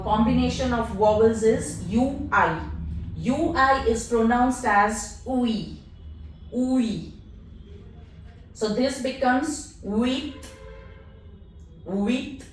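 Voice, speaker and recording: Woman language teacher, slightly high voice, repeats words slowly in class, faint hum behind. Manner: slow, drilling words by repetition. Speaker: French teacher. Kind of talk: classroom pronunciation lesson. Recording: very echoey room, mic at a distance.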